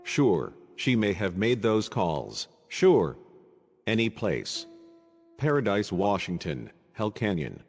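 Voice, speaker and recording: A man voicing a drunken, mocking middle-aged playwright with a high, hoarse, effeminate manner in an audiobook. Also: very animated, slow pace, a little mellow, long reverb tail, soft background music, full character voice. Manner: effeminate, blustering, flippant. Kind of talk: audiobook character voice.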